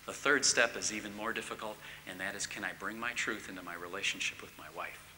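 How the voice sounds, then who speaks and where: A middle-aged man giving a church teaching talk, swinging from loud emphatic bursts to hushed near-whispers. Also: fairly low pitch, quick pace, slight background noise. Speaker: marriage course speaker. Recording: long reverb in a large hall.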